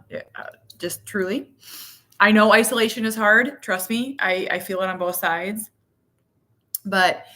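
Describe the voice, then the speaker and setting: A woman's voice: mid-range voice, sharp tone. A woman in her thirties talking casually to camera as a mother and vlogger, frank and self-mocking, with lots of fillers. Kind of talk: casual candid chat to camera.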